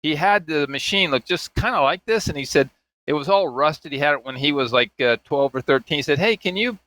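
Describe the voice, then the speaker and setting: A man's voice: fairly high pitch, brisk, pushed and bright, no echo, low-quality recording. An older man and father telling family stories in casual, rambling chat, chuckling and acting out the voices of people he quotes. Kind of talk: casual storytelling.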